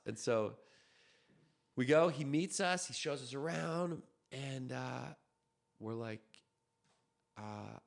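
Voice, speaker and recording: A man from Canada, a podcast guest, telling a story in a quick, animated way with frequent restarts. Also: on the low side, creaky. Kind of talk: casual storytelling.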